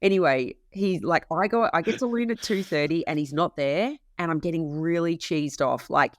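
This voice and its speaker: A woman's voice: sits low, moderate pace, hardly any pauses, dry recording, clean studio sound. A woman pastry chef, a podcast guest, who tells a story with animation, acting out the dialogue and laughing as she goes. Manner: animated, acts out quoted dialogue, laughs while telling. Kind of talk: conversational storytelling.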